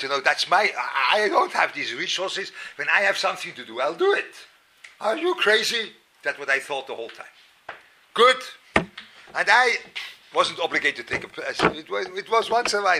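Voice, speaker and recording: A middle-aged man from Switzerland, giving an animated, self-mocking storytelling lecture at a Torah class, repeating words and breaking into sudden loud outbursts. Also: fairly high pitch, a little hiss or hum.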